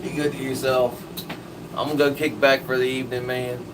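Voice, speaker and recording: A man's voice: mid-range voice, level tone, brisk, distant mic, background noise. A man hosting a live stream in casual chat, laid-back and slangy, swearing freely.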